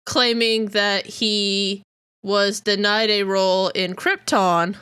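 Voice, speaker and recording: A woman's voice: mid-range voice, little pitch movement, slow, pushed and bright, smooth, dry recording, clean studio sound. A woman co-hosting a podcast, chatting casually and rambling with lots of fillers. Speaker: podcast co-host. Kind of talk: casual chat.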